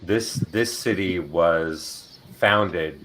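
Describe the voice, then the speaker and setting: Deep-voiced man, slow and measured. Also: background noise. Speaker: host giving readings. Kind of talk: casual talk. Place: city in Ireland.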